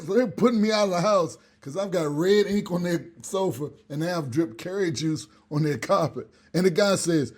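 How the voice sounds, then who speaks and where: A man telling a comic story on a radio show, animated and acting out the other people in it. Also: sits high, moderate pace, hardly any pauses. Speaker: regular guest.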